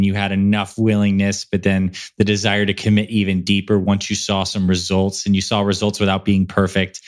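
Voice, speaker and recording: A male podcast host with a fairly low voice. He reflects on the guest's story in a measured way before asking his questions. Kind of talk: interview questions.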